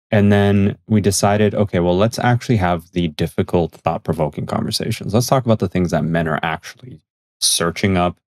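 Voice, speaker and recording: Deep-voiced man telling an earnest story. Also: darkish tone, no room sound, studio quality. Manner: earnest, reflective, acts out quoted dialogue. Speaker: podcast guest and magazine editor. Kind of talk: conversational storytelling on a podcast.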